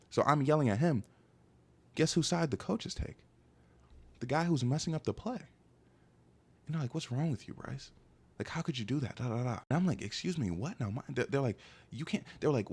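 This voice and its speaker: A young man telling a long story in a casual monologue, animated and exasperated, full of "like" and "bro". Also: fairly low pitch.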